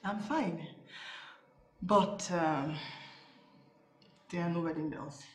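A woman's voice: on the low side, slow pace, reverberant, heavy background noise. An actress playing a woman whose wedding was called off, in a Nigerian accent. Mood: guarded. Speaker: coworker.

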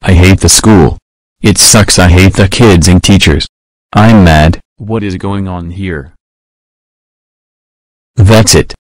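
A man voicing a hot-tempered male cartoon horse who hurls insults and threats in short, flat sentences. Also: sits low, slow, long pauses, no echo. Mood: furious.

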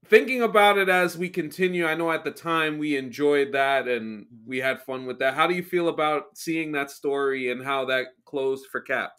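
A man hosting a podcast, chatting casually, enthusiastic and halting as he restarts his sentences. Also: on the high side, fairly bright tone, clear, resonant tone. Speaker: podcast host. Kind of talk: casual chat.

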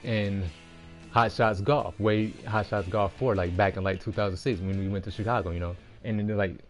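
A man's voice: on the low side, fairly even intonation, normal speed, soft background music. Rambling, foul-mouthed male streamer. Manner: rambling, heavily profane, frustrated outbursts. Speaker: game streamer. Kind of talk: casual chat while playing.

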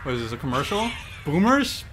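A young man reacting to memes in casual commentary, excitable and mock-exasperated, swearing and laughing often. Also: fairly high pitch, brisk. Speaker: YouTube meme reactor. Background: faint background music.

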